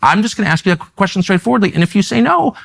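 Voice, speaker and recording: A man's voice: sits high, big pitch swings, very fast, gravelly, fairly bright tone. A man interviewing a senator in a debate, pressing him with pointed, incredulous questions.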